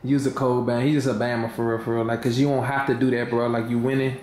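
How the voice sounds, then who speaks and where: A man with a D.C. asks questions as a co-host, slangy and quick to chime in, his voice sitting at a middling pitch. The room is echoey, with faint noise behind him. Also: flat delivery, a little mellow. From Washington, D.C.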